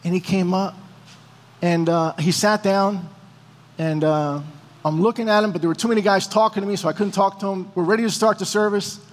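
High-voiced animated male preacher in a reverberant hall. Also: a little fast. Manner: animated storyteller, acting out dialogue. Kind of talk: storytelling sermon.

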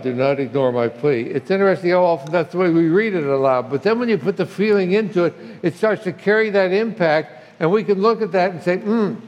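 An older man preaching a conversational sermon as a pastor, reading scripture with feeling. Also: on the high side. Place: church sanctuary. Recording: long hall reverb.

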